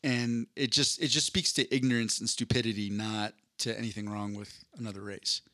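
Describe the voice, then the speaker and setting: A man chatting on a podcast, with a bright, forceful voice recorded close and dry. He tells stories in an animated way, with quick asides and casual swearing. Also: lowish voice, no room sound. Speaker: podcast co-host. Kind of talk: casual chat, storytelling.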